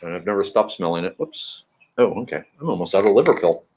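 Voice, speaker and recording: A man's voice: sits low, lively intonation, fast talker, a little mellow, a little hiss or hum. A middle-aged man chatting casually in a home vlog, rambling and throwing in playful sing-song asides. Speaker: vlogger.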